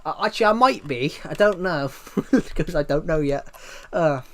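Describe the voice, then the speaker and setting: A man in his twenties from Southwest England talks casually on a livestream and answers his chat as he goes. His voice sits a little high, and he rambles with plenty of ums and false starts. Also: normal speed. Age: 20s. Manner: rambling, many ums and restarts.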